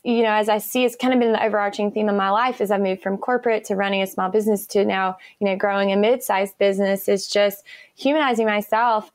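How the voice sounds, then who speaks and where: A woman's voice: mid-range voice, no echo, studio quality. A woman in her thirties with an American accent, a podcast guest chatting casually and telling stories with lots of fillers and enthusiasm. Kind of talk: casual interview chat.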